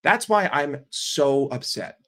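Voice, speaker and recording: A man's voice: on the high side, animated, takes it slowly, bright, forceful tone. An American man ranting as a football fan vlogger, emphatic and profane. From United States.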